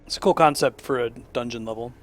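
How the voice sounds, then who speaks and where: A man's voice: mid-range voice, fast, faint music behind. A man casually commenting while streaming a game, with chatty, musing asides. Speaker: gaming streamer. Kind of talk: casual let's-play commentary.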